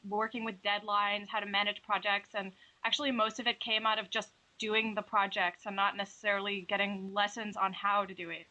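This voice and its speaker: A young Dutch woman, an illustrator and animator, is a guest in an interview conversation. She talks in a relaxed, unhurried, reflective way, filling pauses with lots of small hesitations and fillers in a bright, clear, mid-range voice. The recording sounds slightly dull and lo-fi.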